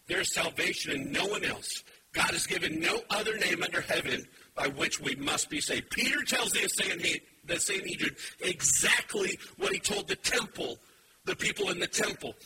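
A male pastor preaches in a high voice that leaps up and down with lively emphasis, throwing in playful wordplay for his congregation. A noticeable hiss of background noise runs under the recording. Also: moderate pace, gravelly, recorded from a distance. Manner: animated and emphatic, with playful puns. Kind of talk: sermon. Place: church with a live congregation.

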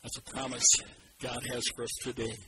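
A man preaching a sermon, animated and drawing the congregation in to repeat verses after him. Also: medium pitch, a little fast, rough recording. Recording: loud background noise.

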